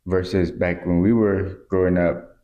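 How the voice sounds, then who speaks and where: A man's voice: low voice, little pitch movement, measured pace, lo-fi sound. A Texan man co-hosting a podcast, talking in a laid-back, hesitant way with lots of fillers. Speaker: podcast co-host. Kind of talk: casual chat.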